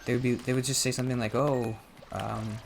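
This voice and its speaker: Gravelly young man, rambling over music. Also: medium pitch, little pitch movement, fairly quick. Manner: rambling and self-reflective, with soft laughs. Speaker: gaming vlogger. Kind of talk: casual talk while playing a game. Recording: music playing underneath.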